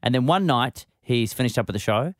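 A man's voice: mid-range voice, lively intonation, fairly quick, no room sound, studio quality. A male radio co-host, telling jokey stories in casual chat and acting out the voices of the people in them. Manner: storytelling, acts out quoted voices, jokey.

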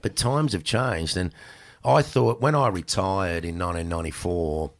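An Australian man in his sixties, a former cricketer, telling animated stories in casual chat and swearing freely. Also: deep voice, moderate pace. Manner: animated, acts out exchanges in raised voice, swears freely. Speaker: podcast guest, former cricketer.

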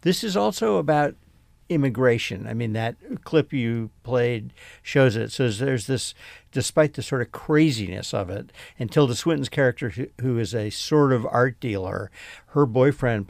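A male film critic with a gravelly voice talks through a movie. He rambles and restarts as he thinks. The studio sound is dry and close. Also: medium pitch, dry recording. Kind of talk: radio film review chat.

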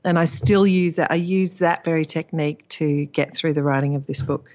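A woman talks as a guest author, candid and anecdotal, with a lower voice. She tells her stories openly and swears freely. The line sounds slightly dull and lo-fi. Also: steady tone, normal speed, darkish tone. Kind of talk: casual conversation.

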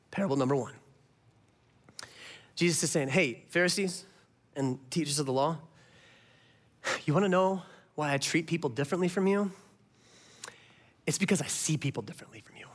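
A male pastor preaching an animated sermon, swinging between loud emphasis and hushed asides. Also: on the high side, normal speed, pauses often.

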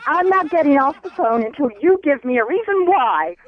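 A woman's voice: high-pitched, expressive, moderate pace. A woman on a phone call, indignant and defensive as a prank caller baits her. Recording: tinny phone line.

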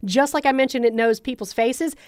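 A lively woman radio DJ chats on her podcast, bouncing into playful voices when she quotes people. Her voice sits a little high, and the studio sound is close and dry. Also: fairly quick, no room sound. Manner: animated, mimics voices in quotes. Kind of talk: casual chat. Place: broadcast studio. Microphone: studio mic.

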